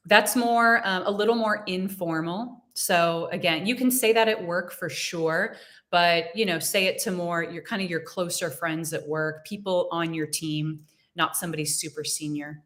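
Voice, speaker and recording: A young American woman hosts a live English lesson and answers questions from a chat. Her voice sits on the low side, and she repeats example phrases patiently and clearly. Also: steady tone, fairly bright tone. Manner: friendly, explains slowly, repeats example phrases. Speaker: English teacher.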